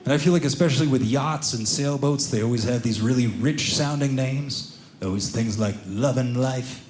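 A man performing a stand-up comedy routine, telling stories with animated delivery and acting out other people's voices. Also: mid-range voice, moderate pace, noisy background. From Seattle area.

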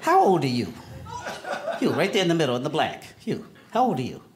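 A middle-aged man doing a stand-up comedy set on a club stage, working the crowd with lively, animated delivery while fighting off a cold. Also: fairly high pitch, a little fast. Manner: animated crowd work with character voices. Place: comedy club stage before a live audience. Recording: live club recording with loud crowd noise.

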